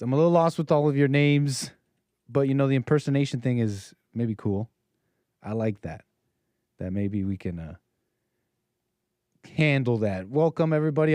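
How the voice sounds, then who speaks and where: A man's voice: mid-range voice, dark tone, no echo, clean studio sound. A man hosting a call-in talk show, rambling and joking with lots of fillers and restarts.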